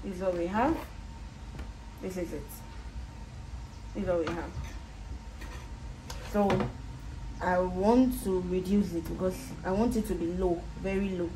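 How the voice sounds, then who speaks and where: A sewing tutor with a Nigerian accent and a fairly low voice speaks at a measured pace, with fairly even intonation and frequent pauses. She patiently repeats each instruction as she works through the project step by step in a casual tutorial. The room sounds echoey, with a little background noise.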